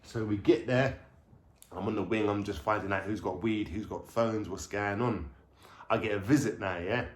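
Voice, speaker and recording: A man's voice: lowish voice, big pitch swings, a little slow, pauses often. A man telling stories casually to camera at home, rambling and slangy, swearing freely. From London. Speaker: vlogger. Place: at home, indoors, with a dog. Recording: echoey room.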